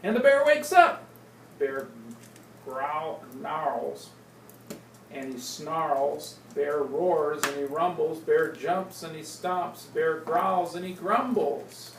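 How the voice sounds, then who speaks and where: A woman slowly reading a picture book aloud to small children, playful and stopping to ask them questions. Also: sits low, steady tone. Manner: slow, playful, asks the kids questions. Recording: roomy, distant, noisy home recording.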